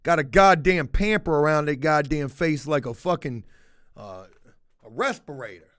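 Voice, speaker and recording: A man with a high-pitched voice chats loosely on a livestream and reacts to viewers' comments. He rambles from one gripe to the next and swears freely, with a blunt, unfiltered delivery. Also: animated, moderate pace, fairly bright tone. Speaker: livestream host reading chat. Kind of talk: casual livestream chat.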